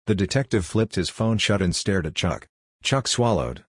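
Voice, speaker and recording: A man reading a piece of fiction aloud as narrator with a steady, even delivery. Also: sits low, normal speed, slightly rough, no echo, clean studio sound. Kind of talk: audiobook-style fiction reading.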